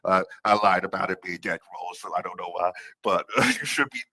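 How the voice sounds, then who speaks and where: Chuckling man telling a story, low voice. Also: a little fast, no room sound. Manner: animated, often laughing through his words, stammering restarts. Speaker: guest. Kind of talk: casual storytelling on a comedy podcast.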